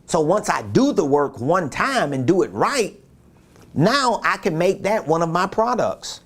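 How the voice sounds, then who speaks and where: A man's voice: sits high, sing-song, unhurried. A man giving a casual business coaching talk, repeating his points and asking rhetorical questions.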